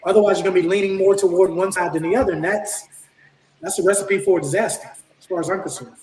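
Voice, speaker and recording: A man's voice: high voice, steady tone, quick pace, darkish tone. A man speaking as a spiritual coach on a video call panel, earnest and often checking in with "right?". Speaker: ascension coach. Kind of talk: panel conversation. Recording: roomy, distant mic.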